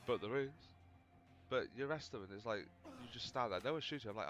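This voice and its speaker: A gaming video host commentates over his gameplay in a rambling, chatty, self-mocking way. He talks fast with lively intonation in a medium-pitched, slightly bright voice, over soft background music, and his mic is slightly overdriven.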